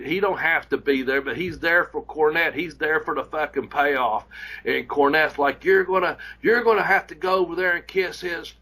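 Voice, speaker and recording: A man tells a story in a loose, rambling, profanity-laced way, piling up restarts and asides as he goes. His voice sits at an ordinary middle pitch for a man, and he acts out the people in his story as he talks. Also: fairly bright tone, low-quality recording. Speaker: podcast host and former wrestler. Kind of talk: casual storytelling chat.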